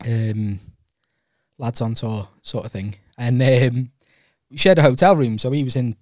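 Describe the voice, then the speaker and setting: A young man with a Welsh accent rambles through stories in a relaxed podcast chat, breaking into laughter as he goes. His voice sits at a middle pitch and is recorded dry and close, with no room sound. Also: a little slow, no echo. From Wales. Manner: rambling storyteller, laughs often. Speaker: podcast co-host. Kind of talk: casual chat.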